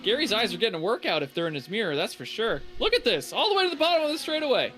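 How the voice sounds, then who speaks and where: A male color commentator with a slightly high voice breaks down drag, tire wear and racing lines during a sim race broadcast. He talks in an analytical, explaining way. Loud music runs underneath. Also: sing-song, very fast. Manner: analytical, explains car handling in detail.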